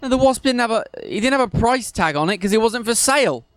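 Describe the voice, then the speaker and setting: A man's voice: very high voice, expressive, quick pace, no echo. A man, a cruise director, telling jokes and teasing his co-host in playful onstage banter.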